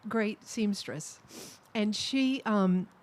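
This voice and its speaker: A middle-aged woman giving a personal eulogy at a memorial service, telling fond anecdotes with soft laughs. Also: medium pitch, drawn-out words.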